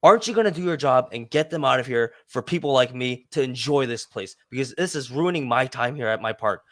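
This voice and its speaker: A man voicing an enraged, entitled man yelling about his park, indignant and loud. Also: mid-range voice, animated, quick pace. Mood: furious ranting.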